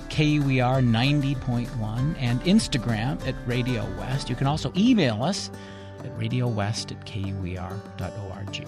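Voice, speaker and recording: Measured male public radio host. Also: mid-range voice. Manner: measured, brief murmured acknowledgments. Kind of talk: public radio interview and outro.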